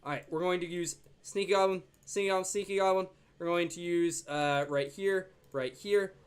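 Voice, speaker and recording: A man's voice: high-pitched, fairly even intonation, moderate pace, clean tone. A young man casually commenting on his own gameplay as a video host, chatty and joking. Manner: chatty, jokey, talks to his dog in a soft baby voice. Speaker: gaming YouTuber.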